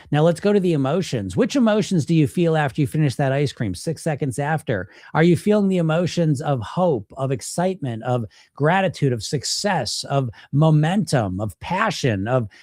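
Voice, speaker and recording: A man coaching on weight loss, talking straight to the viewer, blunt and animated, with casual swearing, acting out people's inner self-talk in quoted voices. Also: a little high, dry recording, clean studio sound. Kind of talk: direct-to-camera coaching talk.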